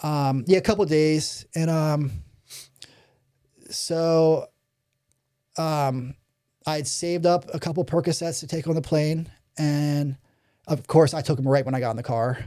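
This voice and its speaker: A man's voice: fairly high pitch, steady tone, measured pace, long pauses, mellow, clear, resonant tone. A man in his thirties telling his story as a podcast guest, rambling with many fillers and swearing, acting out the people he quotes. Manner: rambling, many ums, profanity, acts out quoted voices. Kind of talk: candid storytelling interview.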